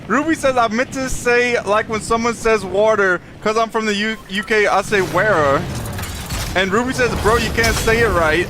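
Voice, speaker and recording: A man's voice: high voice, normal speed, few pauses, background noise. A young man streaming a video game live, chatting casually, reading chat messages aloud and laughing often. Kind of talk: live gameplay commentary.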